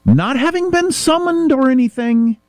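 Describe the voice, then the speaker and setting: A man's voice: normal speed, no echo. A middle-aged man from Kansas, hosting a casual talk show and telling a story with acted-out dialogue. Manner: animated storyteller, acts out dialogue, rising pitch when worked up. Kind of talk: casual talk radio chat.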